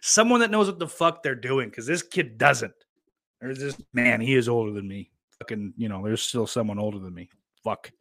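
A young man talking into a close desk mic during a live stream, blunt and profane. He rambles, restarts his sentences and laughs at his own jokes, at an ordinary middle pitch. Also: normal speed, a bit bright, dry recording. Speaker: streamer reading chat. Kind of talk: casual profane live-stream chat about wrestling.

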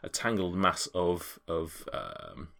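Deep-voiced game master, hesitant. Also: male voice, very animated, slow pace, creaky, sharp tone. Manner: hesitant, many fillers. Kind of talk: narrating a tabletop game.

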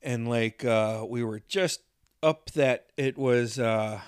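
A man's voice: medium pitch, takes it slowly, clean tone, dry recording, studio quality. A man hosting a podcast, telling stories in casual chat and swearing often. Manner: swears a lot, animated storytelling. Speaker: podcast host.

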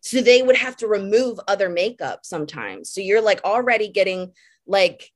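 A young woman, a makeup artist guest, chatting casually and telling lively stories on a podcast. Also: medium pitch, moderate pace. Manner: animated storyteller, laughs while telling.

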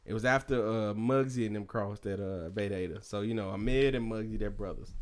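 This man, a podcast co-host with a lowish voice and a brisk pace, recounts a wild night out to his fellow hosts. He laughs throughout and plays out everyone's lines, keeping the casual storytelling loose, profane and animated in friendly back-and-forth.

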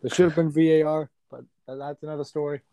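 A young man with a slightly high but mellow voice chats casually about sports as a podcast co-host. He is joking and playful. The sound is dry and close. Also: flat delivery, fast talker, no room sound. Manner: joking, playful, laughs often.

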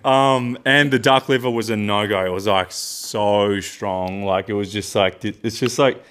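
A man's voice: fairly low pitch, steady tone, unhurried, fairly bright tone, smooth. A young Australian man co-hosting a podcast, telling stories in a rambling, easygoing way with many fillers. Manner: rambling storyteller, lots of fillers and restarts, laughs easily. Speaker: podcast co-host. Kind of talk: casual chat.

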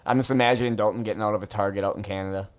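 A man's voice: fairly even intonation, rapid-fire, clear, resonant tone. Rambling, swearing young man chatting. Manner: rambling, profane, laughs and acts out friends in high-pitched voices. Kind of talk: casual chat among friends.

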